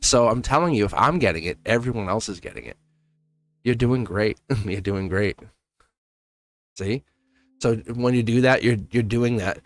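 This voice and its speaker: A man's voice: medium pitch, lively intonation, fairly quick, no room sound. A man hosting a live tarot stream, talking casually and encouragingly to his chat with frequent laughs. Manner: rambling, encouraging, laughs often; talks straight to chat viewers.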